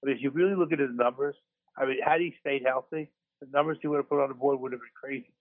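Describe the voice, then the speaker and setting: A man's voice: medium pitch, steady tone, very fast, dry recording. A man co-hosting a sports podcast from a hospital room after surgery, rambling and self-deprecating with lots of restarts. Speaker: podcast co-host. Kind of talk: casual sports podcast chat. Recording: tinny phone line.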